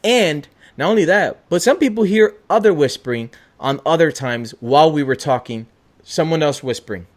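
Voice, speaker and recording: A young man hosting a casual chat show, excitable, swearing often and trailing off mid-thought. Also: fairly high pitch, moderate pace. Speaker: podcast host.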